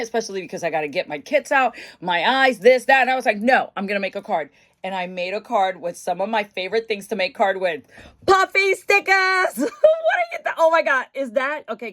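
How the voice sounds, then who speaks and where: Middle-aged woman, bubbly, chatty, casual talk to camera, recorded on a phone. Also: medium pitch. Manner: bubbly, chatty, bursts into laughs and shrieks. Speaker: mental wellness vlogger.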